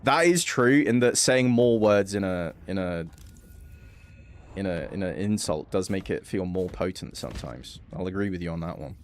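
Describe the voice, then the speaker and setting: A man's voice: normal speed, slight background noise. A young man chatting casually and swearing freely while streaming a game. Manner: chatty, swears casually, animated jumps in pitch. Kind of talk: casual gaming stream chat.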